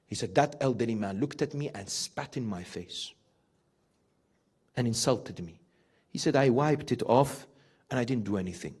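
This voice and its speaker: Guy preaching a sermon, pretty high voice, punchy and rhythmic, keeps saying yes, goes loud then real quiet. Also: slightly rough. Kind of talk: religious sermon.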